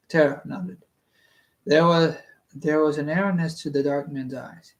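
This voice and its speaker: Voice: medium pitch, fairly even intonation, measured pace. A reader reading a fantasy book aloud casually, stumbling, laughing at slips and drifting into rambling asides. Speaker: audiobook reader.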